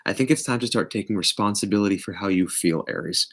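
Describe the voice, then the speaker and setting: A man giving a casual live tarot reading, blunt and profane, with big swings in pitch and loudness. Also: fast talker. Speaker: tarot reader.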